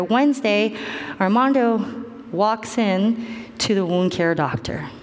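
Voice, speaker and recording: A woman telling a personal story with earnest, lively delivery. She slips into other people's voices as she retells what they said. Her middle-pitched voice rings with a long reverberant tail. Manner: earnest, animated retelling, acting out others' words. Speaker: storyteller recounting a family medical ordeal.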